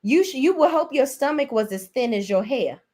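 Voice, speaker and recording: A young adult woman hosts a reality TV recap in a casual, ranting style. Her voice sits fairly high, and she swears freely and talks bluntly and animatedly. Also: lively intonation, moderate pace, a little mellow.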